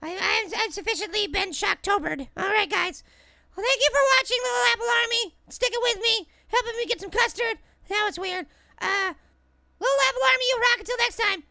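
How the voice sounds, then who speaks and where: A performer voicing a tiny, excitable cartoon apple who hosts a gaming video, yelling and giving silly names to the monsters. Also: extremely high pitch, fairly quick, vocal fry, heavily acted. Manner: excitable, shrieks and yells, silly name-calling. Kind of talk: cartoon character game commentary.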